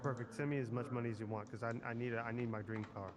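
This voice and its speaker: Guy streaming a roleplay game, swears a lot, lots of um and you know, mid pitch, a bit of background hiss. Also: fairly even intonation, very fast. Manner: rambling, filler-heavy, swears casually; trying for an Italian accent. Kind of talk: casual in-character game chat.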